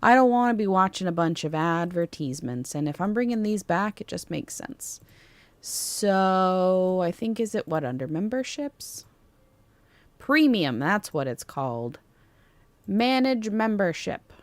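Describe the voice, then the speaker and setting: A woman's voice: on the low side, expressive, unhurried, no room sound. A woman streaming live, chatting casually and joking about herself while reacting to a cooking video. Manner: playful, self-joking, chatty asides to chat. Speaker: VTuber streamer.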